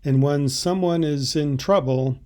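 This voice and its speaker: A man teaching Italian, explaining subtitle translations in a halting, thoughtful way. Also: fairly high pitch, warm tone.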